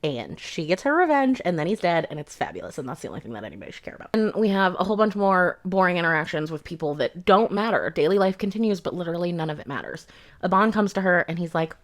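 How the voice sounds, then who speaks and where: A woman's voice: on the low side, sing-song, fast. A young adult woman giving a rambling, sarcastic book review in a casual rant, swearing freely.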